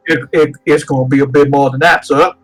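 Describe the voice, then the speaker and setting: A man's voice: a little high, steady tone, a little fast, soft background music, lightly acted, rough recording. A man voicing a nervous male bartender who stammers and fawns over customers. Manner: stammering, fawning.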